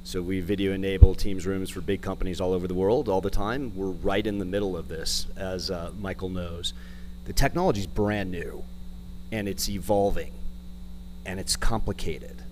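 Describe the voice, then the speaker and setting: A man speaks up from the audience at a conference session, businesslike and running through his points one after another. His voice is a little low. A faint hum sits behind him. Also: fairly even intonation, normal speed, a little mellow. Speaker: audience member, systems integrator. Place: conference room.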